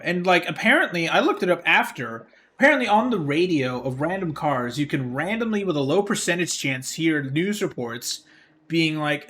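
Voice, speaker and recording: A man chatting casually on a live stream while he plays. He rants in an exasperated, profane way, and his voice sits a little higher than most men's. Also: big pitch swings, fairly quick, fairly bright tone. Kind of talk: casual livestream chat while gaming.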